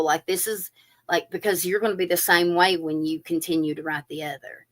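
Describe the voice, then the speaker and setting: A woman's voice: fairly low pitch, a little fast. A woman giving a chatty live-stream tarot reading, talking straight to her viewers. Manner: chatty, animated, addresses viewers directly with fillers. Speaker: tarot reader.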